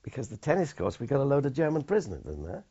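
An older man, a war veteran, recalling his experiences in a plain, halting way with many restarts. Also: mid-range voice, wildly swooping pitch, vocal fry, warm tone, husky. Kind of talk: oral history recollection. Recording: dull lo-fi recording.

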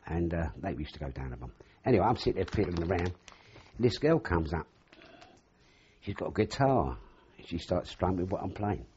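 A man's voice: deep voice, lively intonation, normal speed, pauses often, darkish tone, a little hiss or hum. An older man being interviewed, rambling through anecdotal memories and acting out the dialogue as he goes. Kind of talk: oral history reminiscence. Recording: dull lo-fi recording.

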